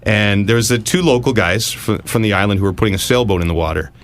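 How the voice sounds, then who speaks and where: A man hosting a podcast, telling lively anecdotes in casual chat and acting out what people said. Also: fairly low pitch, quick pace. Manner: animated storyteller, acts out quotes. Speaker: podcast host.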